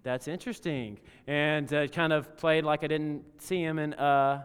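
A man preaching a sermon as pastor, telling a story and swinging between loud emphasis and hushed tones. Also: on the high side, little pitch movement, unhurried, clean tone. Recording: long reverb of a large hall.

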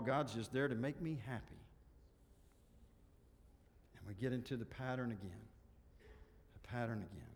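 A man preaching a sermon, earnest and exhorting, often dropping softer to drive a point home. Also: mid-range voice, long reverb tail. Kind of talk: sermon with story reading.

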